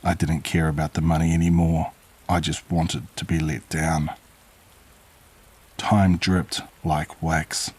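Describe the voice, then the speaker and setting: A man narrating a horror story in a measured, grave, suspenseful way. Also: very deep voice, little pitch movement, darkish tone, breathy edge.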